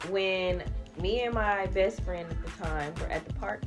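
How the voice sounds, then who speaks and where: A woman's voice: mid-range voice, measured pace, music in the background. A young woman hosts a casual podcast and tells a story through bursts of laughter. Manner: animated, laughing while telling a story. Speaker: podcast host.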